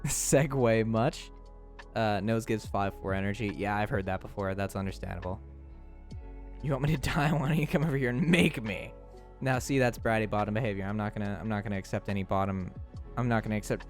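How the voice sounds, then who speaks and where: A man's voice: on the low side, a little fast, faint music behind. A young man streaming live, chatting playfully with his chat, laughing often and tripping over his words.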